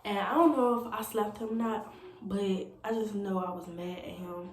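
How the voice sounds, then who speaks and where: A young woman vlogger tells a rambling story, peppered with "like" and "you know." Her medium-pitched voice has fairly even intonation and normal speed, recorded in an echoey room with faint noise.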